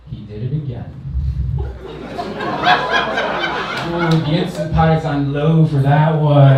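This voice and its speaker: A brash, profane male stand-up comic from California's San Fernando Valley, firing off self-deprecating punchlines. His voice sits a little high for a man. It carries a lot of echo and is heard from some distance across a club, with steady room noise behind. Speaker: stand-up comedian. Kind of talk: stand-up set. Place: comedy club stage, live crowd. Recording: roomy live club sound from a distance.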